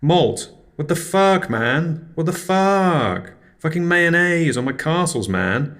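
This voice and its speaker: A man's voice: mid-range voice, a little fast, fairly bright tone, natural voice. A man voicing an angry, laid-back fellow who drawls, swears and sounds exasperated. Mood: indignant.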